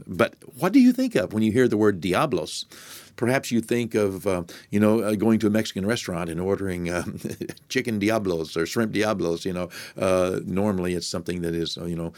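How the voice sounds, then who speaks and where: A man's voice: deep voice, animated, a little fast, darkish tone, no room sound. A man preaching a podcast sermon, conversational with many fillers and building to emphatic preaching.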